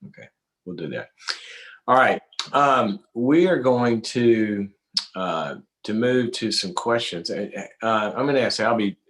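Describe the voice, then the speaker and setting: A man's voice: fairly low pitch, lively intonation, measured pace, fairly bright tone, poor audio. A middle-aged man hosting a talk show, chatting casually with his daughter, rambling a little and asking probing questions. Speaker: talk show host, psychologist. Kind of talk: casual family conversation.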